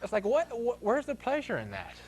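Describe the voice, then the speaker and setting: A man's voice: extremely high pitch, wildly swooping pitch, brisk, a little hiss or hum. A man hosting a talk show, ranting comically and bursting into shrieks and laughter. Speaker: host.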